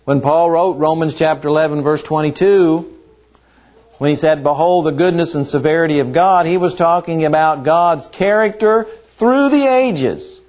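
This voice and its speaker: Man preaching, with deliberate slow emphasis. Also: a little high, darkish tone. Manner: slow deliberate emphasis on key words, rhetorical questions. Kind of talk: sermon.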